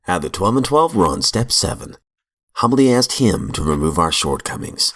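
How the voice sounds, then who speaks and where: A man reading aloud from a recovery book in a measured, earnest way, with brief asides, into a close mic in a small room. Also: deep voice, sing-song, fairly bright tone. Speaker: reader of recovery literature.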